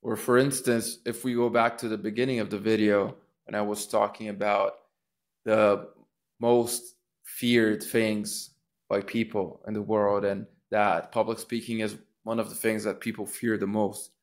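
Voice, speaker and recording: A man's voice: on the low side, flat delivery, unhurried. A man teaching public speaking in a casual lesson, thinking aloud with restarts and acting out rising and falling intonation on sample phrases. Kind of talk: casual instructional talk.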